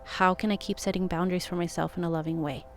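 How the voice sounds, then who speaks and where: A woman's voice: on the low side, fairly even intonation, fast talker. A woman talking straight to camera with earnest, encouraging life advice, full of casual fillers, over faint background music. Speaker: intuitive advice vlogger. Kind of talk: casual heartfelt advice monologue.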